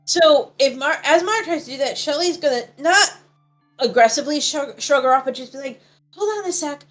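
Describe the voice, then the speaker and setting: Woman, tabletop game player, rambling, hesitant, high voice, soft music behind. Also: brisk.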